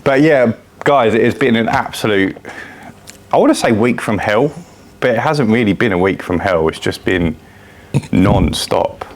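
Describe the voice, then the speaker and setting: Relaxed man, low voice. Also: unhurried. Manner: relaxed, joking banter. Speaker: podcast co-host. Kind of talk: casual chat. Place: large empty unit with echo.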